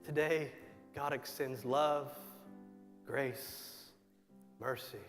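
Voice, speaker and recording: A man preaching a sermon, building to impassioned shouts and repeating phrases. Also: mid-range voice, steady tone, very slow. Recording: reverberant hall with faint music.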